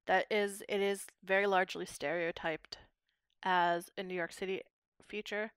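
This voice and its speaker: A young woman from Pittsburgh, USA, a linguistics PhD student, explains her research articulately and academically in a podcast interview. Her mid-range voice has fairly even intonation, normal speed and a clean, slightly bright tone. The recording is dry, with clean studio sound.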